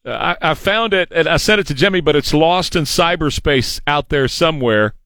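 A man's voice: fairly high pitch, moderate pace, sharp tone, dry recording. Opinionated male talk radio host. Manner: opinionated, emphatic, mocking. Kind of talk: political talk radio monologue.

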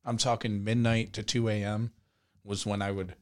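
A man co-hosting a podcast, telling everyday stories in relaxed casual chat, often dropping soft and low. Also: normal speed, smooth. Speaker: podcast co-host.

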